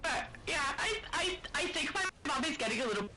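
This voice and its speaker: Giggly Australian woman, lively high voice. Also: fairly quick, a loud crowd, poor audio. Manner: giggly, laughs often between remarks. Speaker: guest streamer. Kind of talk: casual gaming livestream chat. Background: game music playing loudly.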